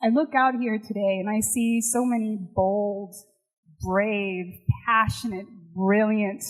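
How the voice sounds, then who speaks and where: A woman's voice: mid-range voice, fairly even intonation, takes it slowly, poor audio. A woman from Puerto Rico, a chef and TV host, giving a heartfelt motivational speech that builds to rallying calls.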